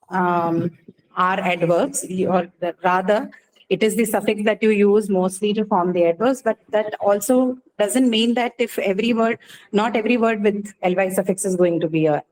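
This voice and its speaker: A woman teaching an English class, explaining slowly and checking in with "right?" after each point. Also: medium pitch, darkish tone, rough recording. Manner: explains patiently, says "right?" often. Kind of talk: online class lecture.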